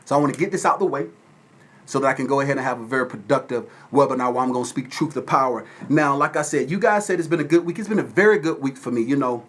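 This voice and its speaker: A man from Atlanta, Georgia, hosting a casual livestream from his phone at home and shouting out viewers by name. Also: medium pitch, fast. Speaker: livestream host. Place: at home with windows open.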